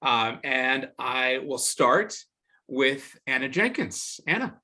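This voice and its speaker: A man's voice: medium pitch, animated, takes it slowly, bright, forceful tone. Man hosting a virtual alumni event.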